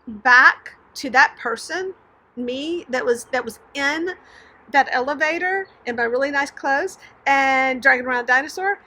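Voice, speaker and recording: A middle-aged woman from Texas, telling a personal story to camera in a chatty, animated way. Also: high-pitched, a little slow. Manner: chatty and animated, with laughs and sighs. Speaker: writing channel host.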